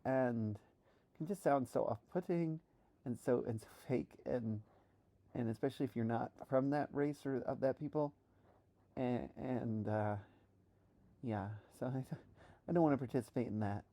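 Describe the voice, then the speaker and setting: A woman from New York thinking aloud in a reflective solo monologue, halting with many restarts while she practices a trained voice. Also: extremely low pitch, mellow. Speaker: vlogger.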